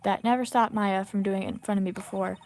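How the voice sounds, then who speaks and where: A woman's voice: medium pitch, steady tone, fast talker, a little mellow, slight background noise, close to an everyday voice. A woman voicing a curious young male lawyer in her own plain reading voice.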